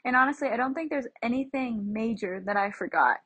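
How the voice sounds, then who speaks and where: Chatty young woman with a husky voice. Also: fairly high pitch, a little fast, a bit bright, rough recording. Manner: chatty, laughs often while telling stories. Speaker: travel vlogger. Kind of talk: casual chat.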